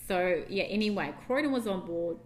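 A woman's voice: lowish voice, expressive, normal speed. Chatty young woman telling a story. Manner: chatty, rambling with many fillers. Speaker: podcast co-host. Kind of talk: casual storytelling chat.

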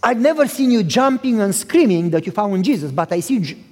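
Man playing a stern older father, quiet and grave, low measured voice, hall echo. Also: expressive. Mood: gravely calm. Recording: reverberant hall.

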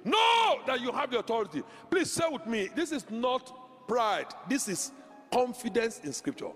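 A man preaching a charismatic sermon, shouting declarations, speaking in tongues and leading the congregation in call-and-response. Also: extremely high pitch, sing-song, moderate pace, soft background music. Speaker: pastor. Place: large church sanctuary. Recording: reverberant church hall.

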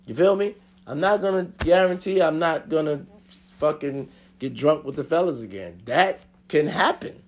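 A man's voice: fairly high pitch, big pitch swings, normal speed, breathy edge. A man giving a profane, pleading comedic rant of relationship advice, preachy and repetitive.

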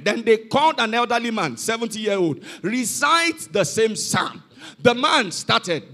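A man's voice: very high-pitched, lively intonation, unhurried, pushed and bright. A man preaching a sermon to a youth conference, emphatic and repeating his calls to the congregation. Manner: emphatic, repeats "you are not hearing me". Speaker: pastor. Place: church hall.

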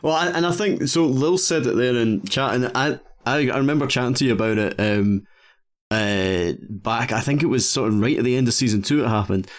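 A man's voice: mid-range voice, a little fast. A man hosting a podcast interview, asking questions in a casual, hesitant way with many restarts. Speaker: podcast host.

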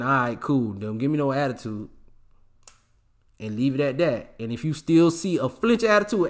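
A man's voice: medium pitch, moderate pace. A man talking in a casual monologue, giving blunt, slangy relationship advice with emphatic delivery. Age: adult with a child.

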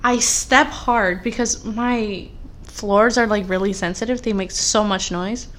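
Bright-voiced young woman telling rambling stories. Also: medium pitch, measured pace. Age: young adult. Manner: animated rambling storytelling, many fillers. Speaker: podcast co-host. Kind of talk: casual chat.

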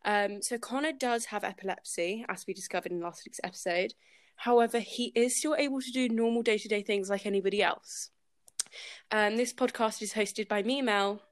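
A woman's voice: mid-range voice, moderate pace, no echo. A woman hosting a book podcast, upbeat and chatty with short reactions. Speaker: podcast co-host. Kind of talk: casual book discussion podcast.

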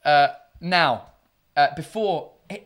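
Woman, casual host, slightly low voice, joking and swearing. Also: animated, slow. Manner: playful, swears freely, laughs often. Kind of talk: casual chat, switching between English and French.

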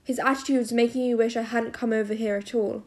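Woman reading a novel aloud, first person, kinda high voice, pretty flat and steady. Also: fast talker. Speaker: audiobook narrator.

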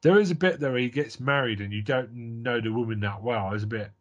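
A man's voice: mid-range voice, a little fast, dull audio. Man, from Britain, podcast co-host, casual, rambling. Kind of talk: casual film chat.

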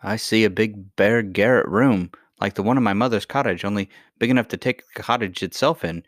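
A man playing a gruff, sulky boy. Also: fairly low pitch, a little fast, no echo, studio quality, natural voice. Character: gruff, stubborn miner boy.

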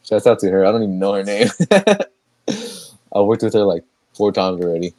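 A man's voice: fairly low pitch, very animated, normal speed, warm tone, dry recording. A young man hosting a podcast, chatting casually, rambling with restarts and laughing often. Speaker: podcast host. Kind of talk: casual chat.

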